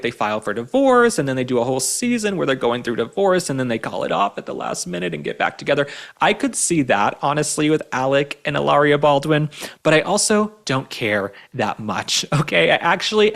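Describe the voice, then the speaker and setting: A man's voice: medium pitch, vocal fry, fairly bright tone. A man hosting an opinionated pop culture commentary show. He speaks emphatically and keeps tagging his points with "okay?". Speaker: host.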